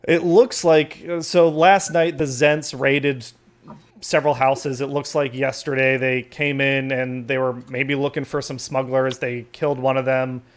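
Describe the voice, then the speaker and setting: A man's voice: medium pitch, level tone, measured pace. A man narrating a tabletop game as substitute game master, in a loose, rambling way full of fillers. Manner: casual, rambling, lots of fillers.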